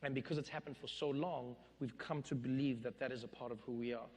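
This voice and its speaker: A man in his thirties, an interview guest telling stories on stage, animated and laughing as he acts out quotes. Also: mid-range voice, fast talker, in a large hall. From South Africa. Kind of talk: storytelling in a public interview. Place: stage in an event hall.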